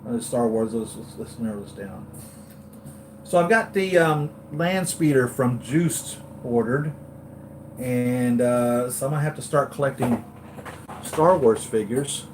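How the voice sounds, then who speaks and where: Excitable guy unboxing a collectible figure, slow drawn-out talk, faint hum behind. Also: mid-range voice. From United States. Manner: excitable, gushing, repeats himself. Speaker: toy collector vlogger. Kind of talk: live unboxing chat.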